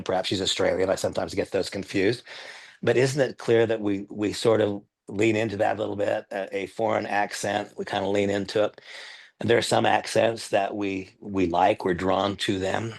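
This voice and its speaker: An older man with a gravelly, somewhat husky voice, speaking low. He runs a training demo into a headset microphone. He is earnest and emphatic and circles back to drive his points home.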